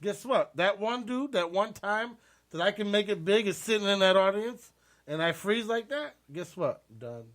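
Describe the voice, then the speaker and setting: A man hosting a casual radio show from a basement studio, loud, profane and joking, often laughing. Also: sits high, animated, normal speed.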